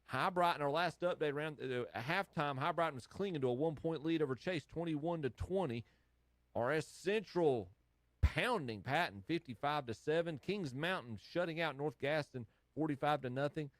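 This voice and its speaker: A man hosting a live radio scoreboard show, running through high school football scores in casual studio banter and laughing often. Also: moderate pace, no echo. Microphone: studio microphone.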